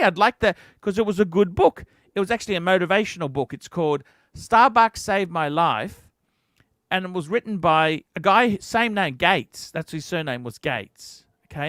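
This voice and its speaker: A man's voice: sits high, a bit bright, no room sound, studio quality. A man hosting a livestream, telling a heated, profane story in a ranting chat. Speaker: livestream host.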